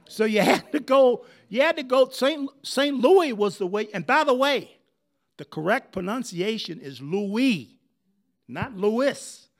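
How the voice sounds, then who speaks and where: Lively older man telling history. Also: high voice. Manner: animated, conversational, asks the audience questions. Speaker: history speaker. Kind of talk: digressive storytelling history talk.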